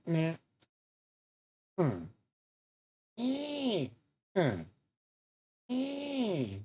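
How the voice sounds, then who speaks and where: A man rambling in a profane, excitable way while he plays a game and comments. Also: a little high, slow, creaky, long pauses, lo-fi sound. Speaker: game streamer.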